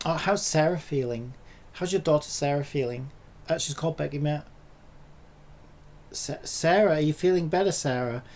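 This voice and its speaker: A man's voice: a little high, normal speed, pauses often, darkish tone, close to an everyday voice. A man mocking a smarmy, patronizing AI helper. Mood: mock-sweet. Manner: mock-polite, patronizing. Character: smarmy condescending AI coding assistant.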